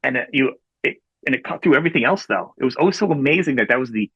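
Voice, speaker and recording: A man's voice: mid-range voice, lively intonation, slightly rough, no echo, muffled recording. A male podcast host talking enthusiastically and rambling through restarts while praising his guest's music. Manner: rapid, rambling, enthusiastic fan talk with many restarts. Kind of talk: casual interview.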